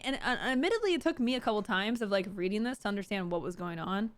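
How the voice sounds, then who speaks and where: A woman's voice: mid-range voice, lively intonation, fast, no echo. A woman streaming casual commentary, chatting straight to her viewers and stumbling and restarting words as she goes.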